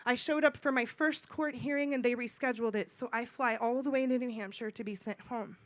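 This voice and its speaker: Woman, conference speaker, high voice, animated storytelling, acts out dialogue. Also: a little fast, no echo. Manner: animated, acts out dialogue, repeats phrases for emphasis. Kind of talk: personal storytelling talk. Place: conference stage.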